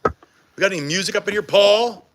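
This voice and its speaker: A man's voice: high voice, normal speed, background noise. A man hosting a live morning TV show, bantering in an upbeat, joking way.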